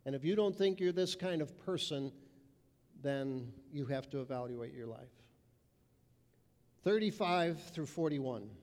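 A man's voice: medium pitch, measured pace, long pauses, a little mellow. A man preaching a sermon with emphasis, mimicking people's voices. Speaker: pastor. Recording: reverberant hall.

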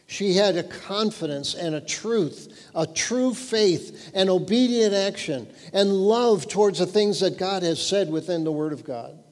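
A man preaching a sermon, earnest and emphatic, dropping lower and quieter when he reads scripture. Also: a little slow, few pauses. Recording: long hall reverb.

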